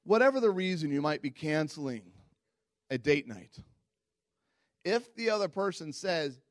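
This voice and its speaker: A man preaching a sermon as pastor, telling stories in a candid, self-mocking way and jumping into high squeaky voices when quoting people. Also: normal speed, long pauses, no echo, clean studio sound. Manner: animated storytelling, jumps into high squeaky voices for quotes.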